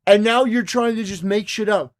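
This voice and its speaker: A man's voice: high voice, normal speed. A man hosting a reaction commentary, talking back at a clip with mocking, indignant remarks. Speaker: commentary host.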